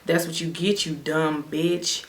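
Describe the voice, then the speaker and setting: A woman's voice: fairly high pitch, lively intonation, normal speed, pitched above the performer's own voice, close to an everyday voice. A woman voicing a cruel young ex-boyfriend who sneers, gloats and throws crude insults. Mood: mocking. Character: taunting ex-boyfriend, young man, cruel and mocking.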